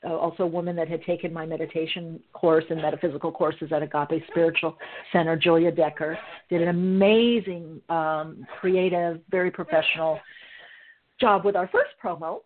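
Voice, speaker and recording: A woman's voice: deep voice, fairly even intonation, normal speed. A woman hosting a spiritual podcast, talking in an effusive, gushing way with plenty of fillers. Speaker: podcast host. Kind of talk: casual podcast talk. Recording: tinny phone-like line.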